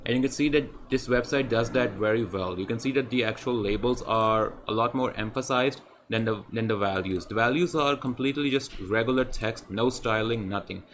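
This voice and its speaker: A man in a relaxed screen-share tutorial, explaining design at an ordinary mid pitch. He repeats his points and keeps checking in with a quick "right?". Faint hiss sits under the voice. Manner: conversational, repetitive, often adds "right?".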